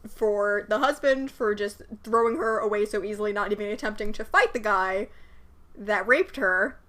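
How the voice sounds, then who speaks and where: A woman's voice: medium pitch, moderate pace, fairly bright tone. A young woman co-hosting a podcast, blunt and sarcastic as she recaps a film, swearing freely. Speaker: podcast co-host. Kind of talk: casual movie discussion.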